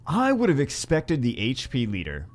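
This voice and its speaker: A man's voice: mid-range voice, wildly swooping pitch, moderate pace, soft background music. A man hosting a gaming video, rambling through casual gameplay commentary with wry asides and frequent self-corrections.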